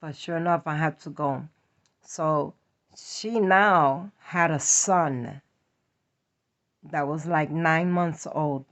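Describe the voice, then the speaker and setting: A woman's voice: low voice, slow, pauses often. A woman from New York with a New York accent, telling a personal story in a blunt, profane, emphatic way. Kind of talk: confessional story time. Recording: dull lo-fi audio.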